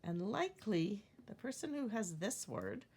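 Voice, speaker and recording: Calm woman teacher with a gravelly voice. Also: mid-range voice, unhurried. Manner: calm, patient, instructive. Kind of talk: explaining a phonics lesson.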